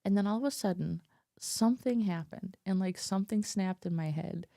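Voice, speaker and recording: A woman's voice: medium pitch, moderate pace, gravelly, mellow, no echo. A woman telling a personal story to her vlog audience in a chatty, laughing way, full of fillers, on a close mic. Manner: chatty, filler-heavy, laughing as she tells it. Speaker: vlogger. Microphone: desk mic close up.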